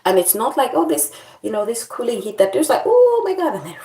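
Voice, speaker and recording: A woman's voice: mid-range voice, animated, fast, a little mellow, roomy sound. A woman vlogger in casual chat, complaining in a playful, dramatic way.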